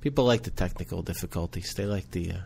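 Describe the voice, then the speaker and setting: A man's voice: sits low, lively intonation, quick pace, gravelly, darkish tone, slight background noise. A man co-hosting a podcast in casual chat, joking and teasing his partner. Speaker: podcast co-host.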